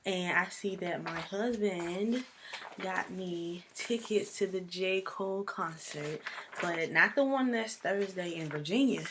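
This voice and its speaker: A young woman vlogging casually, telling a personal story in a chatty, animated way. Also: fairly low pitch, noisy background.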